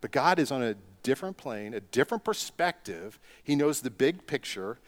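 A man's voice: medium pitch, big pitch swings, normal speed. A middle-aged man delivering a sermon as a pastor, asking rhetorical questions and rising into emphatic bursts.

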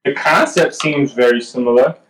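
A man's voice: mid-range voice, normal speed, fairly bright tone, reverberant, slight background noise, low-quality recording. A man co-hosting a casual podcast, chiming in with laid-back quips. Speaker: podcast co-host. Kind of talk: casual chat.

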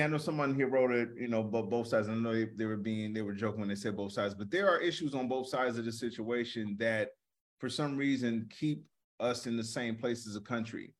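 A man with a middle-pitched voice talks earnestly through a casual political discussion on a comedy podcast. His thoughts wander a little as he goes. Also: fairly bright tone.

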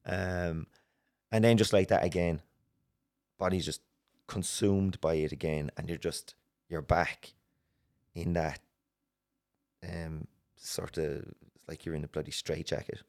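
Very deep-voiced Irish man. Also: steady tone, darkish tone. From Ireland. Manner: earnest, halting, with many restarts. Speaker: guest. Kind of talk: personal story in a podcast interview.

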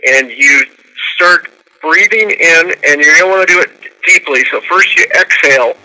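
A man co-hosting a radio talk show, explaining a breathing routine step by step and counting out loud. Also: a little high, moderate pace, poor audio.

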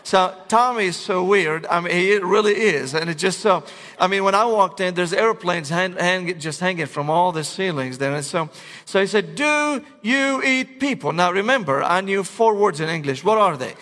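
A middle-aged pastor, preaching in animated, comic storytelling bursts. His voice sits fairly high for a man, and the long reverb of a large hall trails every phrase. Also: moderate pace. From Syria. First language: Arabic. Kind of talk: sermon with humorous storytelling.

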